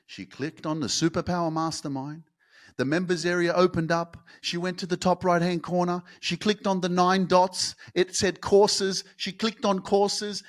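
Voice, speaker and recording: High-pitched guy doing a motivational rant, goes quiet then loud, bleeped-off swears. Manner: emphatic, swings from hushed to shouting, clipped swearing. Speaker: motivational speaker. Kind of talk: motivational talk.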